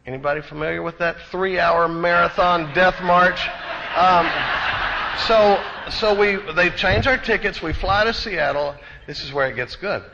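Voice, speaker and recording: A man from Austin with a Texan accent, telling an animated, self-deprecating recovery story to a conference crowd. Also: sits high, measured pace, gravelly, noisy background. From Austin, Texas. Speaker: recovery speaker. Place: conference hall. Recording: dull echoey hall recording.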